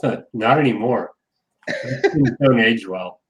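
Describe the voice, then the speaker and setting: A man's voice: medium pitch, animated, takes it slowly, rough recording. A man in casual stream chat, speaking bluntly and opinionated.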